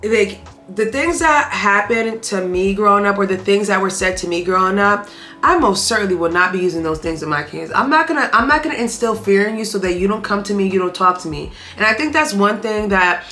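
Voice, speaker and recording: Young woman vlogger, bright and forceful, candid storytelling, faint music under the voice. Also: medium pitch, lively intonation, brisk. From Haitian family. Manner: candid, emphatic, addresses viewers directly. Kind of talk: storytime vlog.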